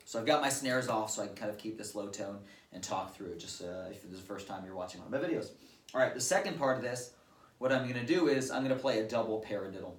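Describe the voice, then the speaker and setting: A man's voice: fairly low pitch, fast. Man, drum teacher, patient explainer, casual fillers, echoey room, drums behind. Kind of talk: instructional drum lesson. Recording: roomy, distant-mic recording with drums. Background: drum kit played at times.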